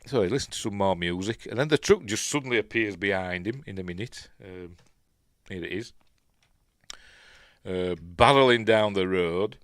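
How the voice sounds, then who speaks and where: A Yorkshire man hosts a relaxed film review as he watches, talking in a loose, rambling way. He hesitates often and corrects himself mid-sentence. His voice sits fairly low and sounds dry and close, with no room echo. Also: moderate pace. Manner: rambling, chatty, full of ums and self-corrections. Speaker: film reviewer, channel host. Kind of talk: casual watch-along film commentary.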